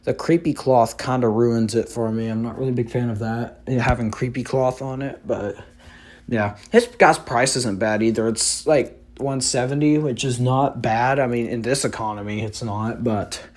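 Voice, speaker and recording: A man's voice: medium pitch, normal speed, a little mellow. A man hosting a casual vlog about Halloween props, rambling with lots of fillers and restarts, and hiccuping now and then. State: has the hiccups. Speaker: YouTube host reviewing Halloween props.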